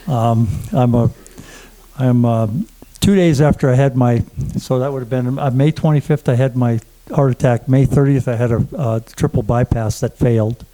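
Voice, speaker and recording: A man giving a halting personal testimony to a conference audience, full of fillers and restarts. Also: medium pitch, warm tone, rough recording. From German family. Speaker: conference speaker. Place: conference room before an audience.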